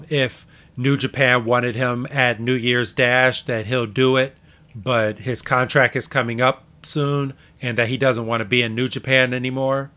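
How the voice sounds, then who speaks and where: A man's voice: mid-range voice, pushed and bright. A man co-hosting a casual podcast chat, animatedly retelling a story and acting out quotes. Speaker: podcast co-host.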